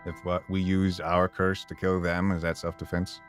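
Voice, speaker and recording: A man's voice: low voice, monotone, normal speed, soft background music. A man casually chatting and planning moves while playing a game with a friend. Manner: thinking aloud, planning. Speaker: host. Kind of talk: casual let's-play chat.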